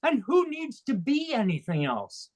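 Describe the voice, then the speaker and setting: A man's voice: very high voice, huge pitch swings, unhurried. A man in his sixties from Canada, a coach and speaker, talking as an interview guest in an emphatic, fervent motivational way. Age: 60s. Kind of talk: interview conversation.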